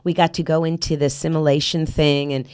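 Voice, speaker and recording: A middle-aged woman, a character actress, talking casually as a podcast guest, chatty and halting with many restarts. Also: low-pitched, level tone, a little mellow, clean tone, dry recording, studio quality.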